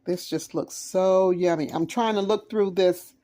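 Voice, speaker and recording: A Southern-accented woman with a lowish, warm voice speaks unhurriedly as she eats and tastes food for her casual cooking vlog, shot on a phone. As the home cook behind the channel, she gushes, exclaims, and chats with viewers.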